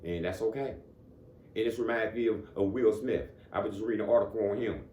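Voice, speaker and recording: A man's voice: on the low side, fairly even intonation, fairly quick, warm tone, a little hiss or hum. A man giving a casual motivational talk. He speaks conversationally, keeps asking "you know what I'm saying," and chuckles between points. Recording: echoey room.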